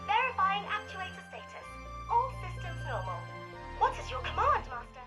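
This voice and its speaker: A woman's voice: extremely high pitch, sing-song, normal speed, bright, forceful tone, faint music behind, heavily acted. A woman voicing an obedient female combat robot that gives clipped, dutiful status reports.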